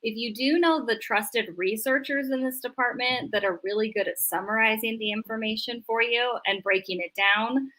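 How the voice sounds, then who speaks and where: Middle-aged woman therapist guest, lively and animated, crisp bright sound. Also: on the high side, moderate pace, few pauses. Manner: animated, acts out voices in quotes. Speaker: marriage and family therapist. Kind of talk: casual interview chat.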